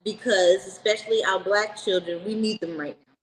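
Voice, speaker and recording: A woman, a PR business owner, answers interview questions over a video call in an earnest, measured way. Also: mid-range voice, fairly even intonation, a little hiss or hum, poor audio.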